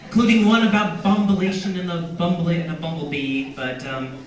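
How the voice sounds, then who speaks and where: An author chats playfully with the crowd at a signing in a large indoor bookstore, reading excerpts, joking at his own expense, and laughing often. His voice is a little high, fairly even in intonation, and fairly quick. An audience camera captured him from a distance, so the sound is far off and echoey.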